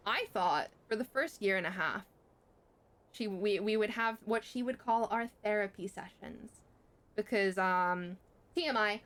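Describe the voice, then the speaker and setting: A young woman streamer telling a story in casual chat, swearing freely and jumping sharply in pitch. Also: a bit bright.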